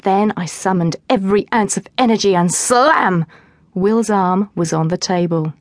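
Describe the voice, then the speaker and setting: A woman narrating a teen novel in the first person, in a lively storytelling manner, close to the mic. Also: mid-range voice, moderate pace, dry recording. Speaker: audiobook narrator.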